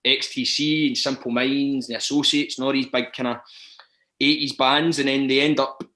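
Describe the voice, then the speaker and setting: A Scottish man talking in a relaxed podcast chat, his voice bright and forward. He hesitates a lot, with ums and restarts as he finds his words. The room sounds echoey. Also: mid-range voice, moderate pace. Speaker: actor and podcast guest. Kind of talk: casual chat.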